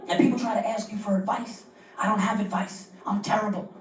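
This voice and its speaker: A man's voice: high voice, little pitch movement, a little fast, reverberant, distant mic. A man doing a stand-up comedy set, telling stories in a conversational way with self-mocking asides.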